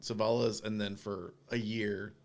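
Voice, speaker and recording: A man co-hosting a podcast, sharing news in quick, enthusiastic casual talk. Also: fairly low pitch, flat delivery. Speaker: podcast co-host.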